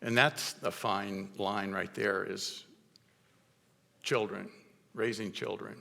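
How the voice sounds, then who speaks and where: Middle-aged male pastor, conversational sermon, gravelly tone, long church reverb. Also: on the low side, flat delivery, pushed and bright. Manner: conversational storytelling with halting restarts. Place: church sanctuary.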